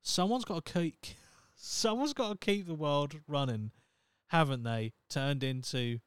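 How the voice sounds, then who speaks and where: A man's voice: on the high side, measured pace, few pauses, clean tone, no room sound, studio quality. A man in his thirties with a Norfolk English accent, hosting a solo podcast in a rambling, swearing, self-mocking chat. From Norfolk, England. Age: 30s. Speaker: podcast host. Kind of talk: casual solo podcast monologue.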